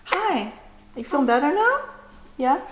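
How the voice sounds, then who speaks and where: A woman's voice: sits high, big pitch swings, unhurried, roomy sound. A woman chatting casually while making food at home for a mukbang vlog, rambling and joking to herself. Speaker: food vlogger. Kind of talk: casual mukbang cooking chat. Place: home kitchen.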